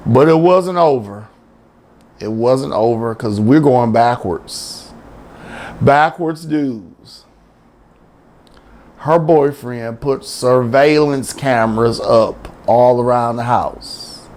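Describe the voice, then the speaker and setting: A man hosting a satirical rant show with a gravelly, creaky voice that swoops all over the place. He drawls slowly and makes every line an exclamation in a comic storytelling style. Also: a little high, a little mellow.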